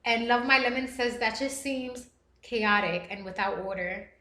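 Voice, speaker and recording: A woman's voice: a little high, unhurried, sharp tone, echoey room. A woman hosting a live stream, reading chat messages aloud and talking earnestly and emotionally. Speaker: livestream host reading chat. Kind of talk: casual live-stream talk.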